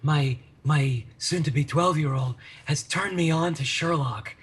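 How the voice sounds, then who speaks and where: A man hosting a podcast in casual chat, relaxed and teasing. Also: a little high, unhurried, slightly rough. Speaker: podcast host.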